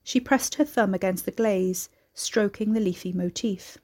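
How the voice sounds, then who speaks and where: A woman reading a story aloud as narrator, in a steady, measured storytelling manner. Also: medium pitch. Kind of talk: scripted narration.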